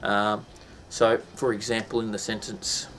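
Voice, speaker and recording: A man's voice: lowish voice, little pitch movement, unhurried, fairly bright tone, a little hiss or hum. A man teaching a casual lesson, chatty and full of ums and restarts, breaking into sound effects.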